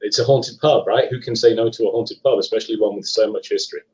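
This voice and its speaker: A man's voice: fairly low pitch, quick pace, a little mellow, rough recording. Chatty man with a Leicester accent. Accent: Leicester English, partly Americanized. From England. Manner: chatty, hesitant with frequent ums and restarts. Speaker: guest author and paranormal investigator. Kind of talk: casual live podcast chat.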